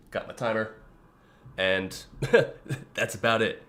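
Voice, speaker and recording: A young man streaming a video game in a relaxed, rambling way, with a groggy morning voice, often clearing his throat. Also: on the low side, slow pace. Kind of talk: casual live-stream chat.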